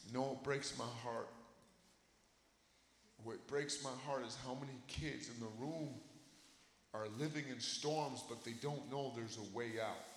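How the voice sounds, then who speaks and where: A young man preaching a sermon to a room of kids, impassioned, swinging from shouting to a hush. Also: mid-range voice, roomy sound, long reverb tail, a little hiss or hum. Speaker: youth preacher.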